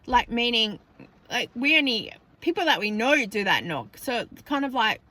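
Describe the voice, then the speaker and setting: A woman's voice: on the high side, sing-song, normal speed, pushed and bright. A middle-aged Australian woman vlogging from her parked car, chatting casually and laughing often as she tells stories. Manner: chatty, laughs a lot while telling stories. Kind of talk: casual chat.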